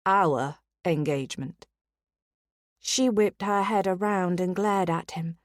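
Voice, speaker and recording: A woman narrating a romance audiobook in a steady, unhurried reading voice on a close studio mic. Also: mid-range voice, no echo.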